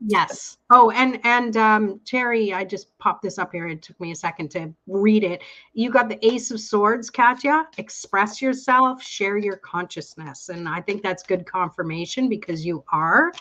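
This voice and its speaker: A woman hosting a live online tarot reading, chatting warmly with viewers and reading their cards aloud. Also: medium pitch. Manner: enthusiastic, reads cards aloud slowly. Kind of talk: casual live chat. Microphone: online call audio.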